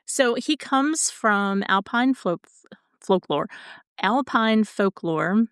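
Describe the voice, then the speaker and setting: A woman co-hosting a podcast in casual chat, easygoing and quick to giggle. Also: mid-range voice, lively intonation, clean tone, no echo, clean studio sound. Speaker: podcast co-host.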